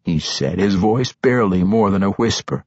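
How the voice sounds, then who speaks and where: Male audiobook narrator, fantasy novel, husky voice, lively pitch, dull dry recording. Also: dry recording. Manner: expressive storytelling, slows for suspense.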